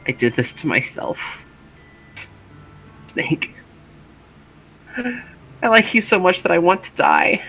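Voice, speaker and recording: A man voicing a shy, fragile teenage girl with a crush, reading her lines in a halting, trembling way for a game playthrough. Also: high voice, wildly swooping pitch, pushed and bright, soft background music, exaggerated voice. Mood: scared.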